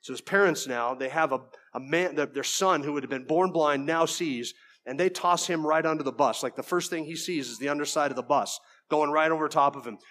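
A man with a notably high speaking voice delivers an expository sermon, walking through a text verse by verse. He keeps it conversational, with folksy asides and frequent stumbles and restarts. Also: fairly quick, a bit bright. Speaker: preacher.

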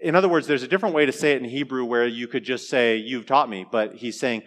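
A man's voice: mid-range voice, quick pace, few pauses. A man preaching a sermon in a conversational way, with joking asides and hesitant restarts. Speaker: pastor.

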